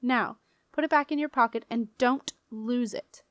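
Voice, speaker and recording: Lady reading as a creepy goat-eyed ghost guy, slow hollow drawl, cold and threatening, dry close audiobook sound. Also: fairly high pitch, dry recording, close to an everyday voice. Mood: menacing.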